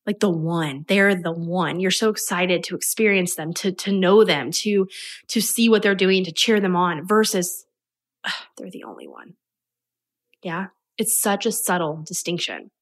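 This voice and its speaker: A young adult woman hosts her own podcast as a business coach. She talks to listeners in a chatty, upbeat way, full of energy and easygoing warmth of manner. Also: fairly low pitch. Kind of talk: casual solo podcast talk.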